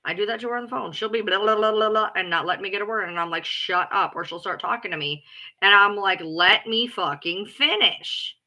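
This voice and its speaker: A woman rants casually to her followers in a very bright, forceful voice. She is blunt and profane and hammers her points home by repeating them. She talks like the loud, take-charge person she says she is. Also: mid-range voice, fast talker. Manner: blunt, profane and emphatic, often repeating herself; loud, self-described alpha female. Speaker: live streamer. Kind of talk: casual ranting chat.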